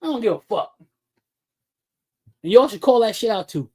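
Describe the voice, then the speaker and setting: Man, high-pitched for his sex, blunt, profane, heated livestream commentary, stumbling restarts. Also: expressive, moderate pace, darkish tone, husky. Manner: speaks with many restarts and repeated words. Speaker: streaming talk show host.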